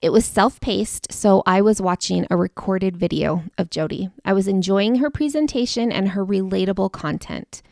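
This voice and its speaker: Earnest woman in her forties, gravelly edge. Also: medium pitch, darkish tone, dry recording, clean studio sound. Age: 40s. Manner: earnest, confiding, addresses listener directly. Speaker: podcast host. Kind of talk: personal storytelling monologue.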